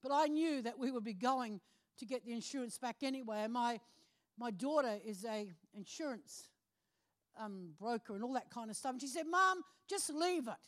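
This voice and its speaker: A middle-aged woman speaks from the pulpit with a notably high voice, sharing a personal testimony. She tells the story with animation, slipping into the voices of the people she quotes. Laughter keeps breaking through her words. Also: normal speed. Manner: animated storytelling, acting out phone calls, laughing often. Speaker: preacher.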